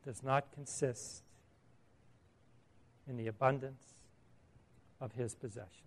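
A man's voice: medium pitch, steady tone, slow pace. A man preaching a sermon in a conversational way, asking the audience questions and chuckling at his own asides.

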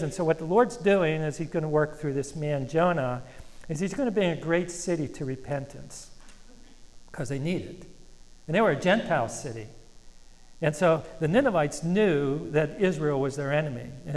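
Male pastor, sermon, earnest, halting restarts, slightly high voice, long hall reverb. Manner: earnest, halting with restarts, slows for scripture reading.

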